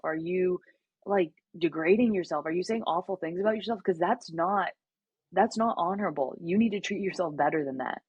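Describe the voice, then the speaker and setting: Young woman guest, husky and dry, candid and earnest, dull lo-fi sound. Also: fairly low pitch, a little mellow, dry recording. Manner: earnest, reenacts conversations with many fillers. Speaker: podcast guest, former college basketball player. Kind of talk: candid interview talk.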